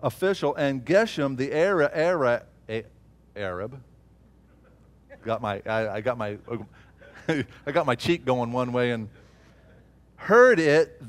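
A man preaching a sermon, swinging from loud emphatic peaks to low murmured asides. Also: expressive, slow pace.

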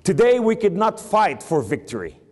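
A man's voice: sits high, sing-song, moderate pace, a little mellow, long reverb tail. A man with a New York accent preaching an emphatic sermon in a church, quoting scripture.

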